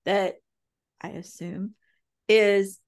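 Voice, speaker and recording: A woman co-hosting a podcast, telling stories in an animated way. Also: medium pitch, extremely slow, clean tone. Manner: animated, storytelling. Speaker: podcast co-host. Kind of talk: casual chat.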